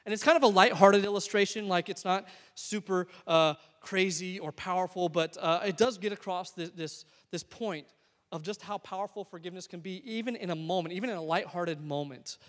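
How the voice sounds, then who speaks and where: A young male preacher telling a story in a sermon. He swings between hushed moments and excited bursts in a high voice. A long reverb from the hall trails behind him. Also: fairly quick.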